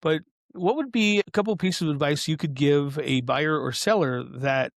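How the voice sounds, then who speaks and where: A man co-hosting a casual podcast, joking and halting, asking long roundabout questions. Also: on the high side, creaky, dry recording, studio quality. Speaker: co-host.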